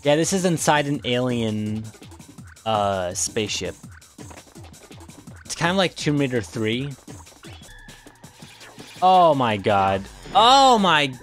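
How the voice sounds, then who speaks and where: A man's voice: mid-range voice, big pitch swings, slow pace, pauses often, fairly bright tone, soft background music. A man streaming a video game with goofy, playful commentary and jokey yelps of pain. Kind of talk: casual let's-play commentary.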